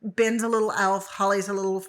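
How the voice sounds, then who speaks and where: A woman's voice: medium pitch, little pitch movement, a little fast. A middle-aged woman co-hosting a casual podcast chat in a chatty, easygoing way. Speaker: podcast co-host.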